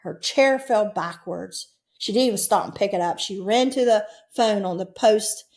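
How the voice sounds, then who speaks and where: A woman in her sixties, a guest in an interview, earnestly recounting her own near-death experiences, breaking into sudden high, loud bursts. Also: normal speed.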